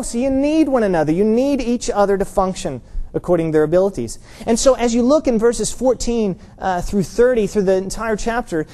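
Mellow-voiced man preaching a sermon. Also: sits high. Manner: earnest, emphatic preaching, rising to stress key points. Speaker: pastor. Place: church.

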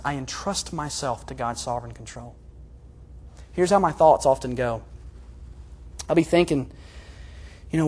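A man preaching a sermon in an earnest, confessional way, moving between hushed and loud passages. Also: high voice, animated, brisk. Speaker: pastor.

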